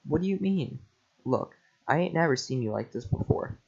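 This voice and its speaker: A man's voice: a little high, animated, moderate pace, gravelly, a little mellow, breathy edge, full character voice. Man reading as a chatty talking donkey. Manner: jittery, chatty, yelps in panic. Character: fast-talking excitable male talking donkey. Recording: lo-fi home mic.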